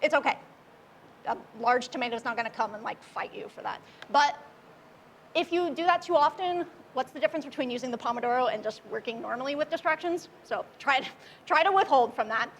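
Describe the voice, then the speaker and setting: High-voiced upbeat woman presenter. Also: lively intonation, fairly quick, a bit bright, slight background noise. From Oklahoma, US. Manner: upbeat, chatty, friendly. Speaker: meetup speaker. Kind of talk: casual tech talk.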